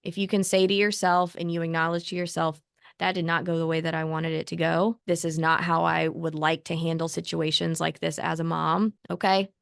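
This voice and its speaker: Woman, thirties, low voice, gravelly, calm explanatory advice, dry close sound. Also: fairly quick, dry recording. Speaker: therapist co-host. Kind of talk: conversational advice talk.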